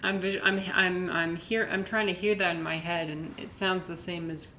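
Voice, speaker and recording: A woman's voice: on the low side, fairly even intonation, moderate pace, sharp tone. A woman streamer, chatting casually with viewers in a rambling way, full of fillers and restarts. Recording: echoey room with faint noise.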